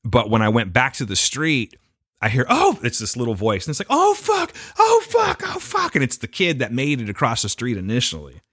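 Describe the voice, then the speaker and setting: Podcast co-host, male, lively swooping delivery, swears a lot, dry close sound. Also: medium pitch, quick pace, dry recording. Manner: profane, animated retelling with put-on quotes. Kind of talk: casual storytelling chat.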